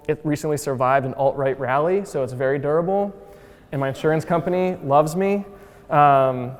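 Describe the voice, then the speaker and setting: A man's voice: fairly high pitch, a little mellow. A man giving a casual, upbeat lecture about his design museum, talking in a chatty way with lots of fillers. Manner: chatty and upbeat, heavy use of "like" and "uh"; acts out quotes with voice shifts. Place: lecture hall. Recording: long reverb of a lecture hall.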